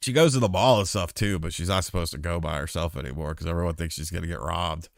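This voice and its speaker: A young male host telling a long personal story in casual chat, animated and swearing freely. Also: low-pitched, fast, creaky, no echo, clean studio sound.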